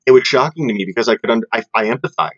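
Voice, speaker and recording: Young dude rambling on a podcast, tons of likes and you knows, kinda muffled audio. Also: male voice, mid-range voice, rapid-fire. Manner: rambling, animated, many fillers and restarts. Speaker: podcast co-host. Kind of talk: casual chat.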